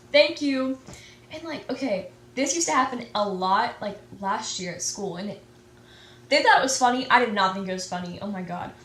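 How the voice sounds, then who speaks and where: A woman's voice: a little high, fairly bright tone, distant mic, a little hiss or hum. A teenage girl in casual chat, rambling and saying "like" constantly as she complains. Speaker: co-host. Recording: echoey room from off-mic.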